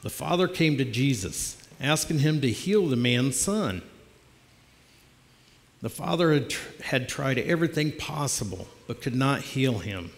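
A man's voice: medium pitch, lively intonation, a little slow, creaky. A middle-aged man preaching a personal testimony sermon as a lay preacher, in a plainspoken, conversational storytelling way. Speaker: lay preacher filling the pulpit. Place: church sanctuary. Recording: long church reverb.

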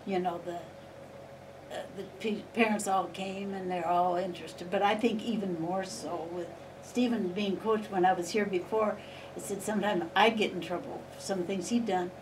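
Being interviewed, an older woman tells chatty, meandering stories from her past and laughs a lot. Her medium-pitched voice stays steady at a normal speed, and the distant mic catches faint background noise.

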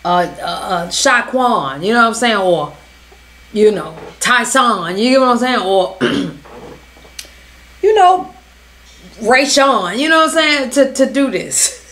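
A woman's voice: a little high, expressive, slow, pauses often, fairly bright tone. A young woman hosting a reaction video, talking in casual slang, swearing and laughing as she comments and snacks.

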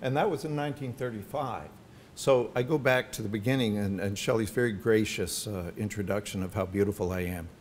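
A man's voice: fairly low pitch, a little fast, slight background noise. An older man giving an anecdotal talk about his family to an audience at a podium microphone. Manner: warm anecdotal storytelling with asides. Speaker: featured speaker at a symposium. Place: university hall with audience.

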